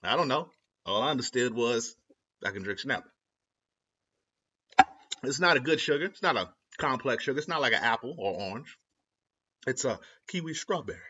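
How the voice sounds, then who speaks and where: A man's voice: mid-range voice, animated, normal speed, pauses often, bright, forceful tone, slightly rough. A young man from Ohio rambling casually to camera, slangy and self-interrupting, laughing at his own jokes. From Ohio, USA. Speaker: vlogger. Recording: lo-fi dull audio.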